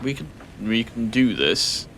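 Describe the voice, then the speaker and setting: A man playing in a tabletop game, speaking in a calm, placating way. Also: mid-range voice, measured pace, a little hiss or hum. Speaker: player. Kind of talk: casual in-character banter.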